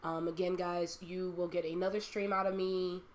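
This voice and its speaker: A woman's voice: on the low side, little pitch movement, moderate pace, slight background noise. A young woman hosting a casual podcast chat, rambling and laughing often. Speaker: streamer and podcast host.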